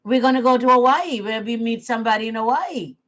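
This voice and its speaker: A woman's voice: on the high side, quick pace, fairly bright tone, rough recording. A woman hosting a casual live chat, telling a story and giving her opinions in an earnest way. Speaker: host.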